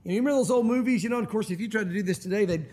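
A middle-aged pastor preaches a sermon in a high-pitched voice at a very fast clip. He's animated and acts out the voices he quotes.

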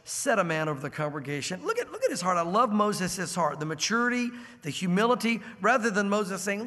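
A man's voice: high voice, very animated, fairly quick, few pauses, bright, forceful tone. A male pastor teaching a verse-by-verse sermon, talking conversationally and acting out what the biblical figures might say. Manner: conversational, acts out biblical characters' lines. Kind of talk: expository sermon. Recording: long hall reverb.

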